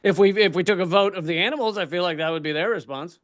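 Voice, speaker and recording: A high-pitched man ranting through a stand-up comedy bit, profane and animated. He swings from fast asides to bursts of shouting. His delivery is full of swearing and exasperation. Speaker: comedian streamer.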